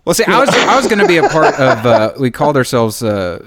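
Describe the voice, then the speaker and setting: A man halting, Southern. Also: medium pitch, sing-song, a bit bright. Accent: Southern American. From American South. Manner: halting, repeats words, laughs often. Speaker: writer, podcast guest. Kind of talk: casual conversation.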